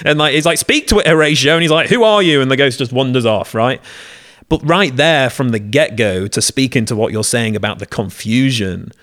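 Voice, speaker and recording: A man co-hosting a casual literary discussion, retelling scenes with lively acted-out lines. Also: mid-range voice, normal speed, dry recording, studio quality. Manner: lively storyteller, acts out quoted lines.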